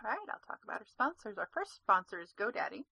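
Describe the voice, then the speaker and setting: A woman's voice: medium pitch, big pitch swings, fast talker, gravelly, bright, forceful tone, husky, no room sound. A woman co-hosting a gaming podcast, chatty and giggly, often trailing off mid-sentence. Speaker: podcast co-host. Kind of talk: casual chat.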